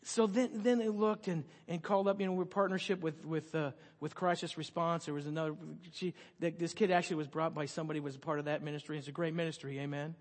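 A middle-aged male pastor telling a story in a sermon, swinging from loud excited storytelling to soft hushed tones. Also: on the high side, fast talker, few pauses. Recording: long hall reverb.

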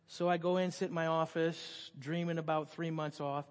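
A middle-aged male pastor telling a story in a sermon, swinging from loud excited storytelling to soft hushed tones. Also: on the high side, normal speed. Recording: long hall reverb.

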